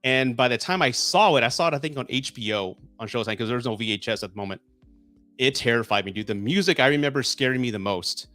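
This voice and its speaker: A man in his forties hosting a casual live stream, chatting excitedly and getting emotional when viewers send gifts. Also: mid-range voice, fast talker, no room sound, soft background music. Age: 40s.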